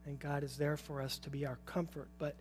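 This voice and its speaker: A man's voice: fairly high pitch, level tone, a little fast, a little hiss or hum. A man preaching a sermon in an informal, conversational way, putting questions to his listeners and chuckling now and then. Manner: informal, asks the audience questions, chuckles often.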